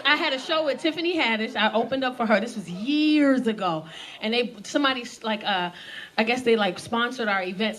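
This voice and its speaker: A woman in her thirties performs stand-up at a comedy club, holding a mic and telling brash, profane stories in which she voices the characters herself. Her voice is fairly high and fairly bright, and audience laughter can be heard.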